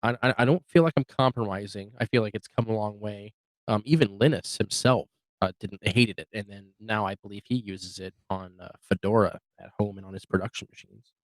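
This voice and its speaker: A man's voice: fairly low pitch, fairly quick, dry recording, low-quality recording. A man co-hosting a casual tech podcast, talking in a rambling, hesitant way full of restarts and fillers. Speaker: podcast co-host.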